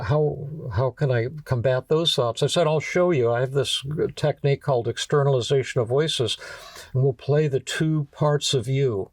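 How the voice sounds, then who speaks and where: A man's voice: mid-range voice, a little mellow, dry recording, far from the mic. An older man, a psychiatrist, tells a story about a patient, stumbling and repeating words as he speaks. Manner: halting, repeats words often. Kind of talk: storytelling talk.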